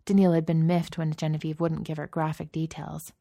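A woman's voice: low-pitched, level tone, fairly quick, vocal fry, warm tone, dry recording, studio quality. A woman narrating a story aloud, lifting her voice slightly for the characters' lines. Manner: reads dialogue in lightly raised voices. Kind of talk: audiobook narration.

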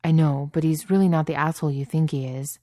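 A woman voicing a gentle, anxious young man in a storybook reading, speaking softly and hesitantly. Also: low voice, fairly even intonation, fast, dry recording, clean studio sound, close to an everyday voice. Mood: earnest.

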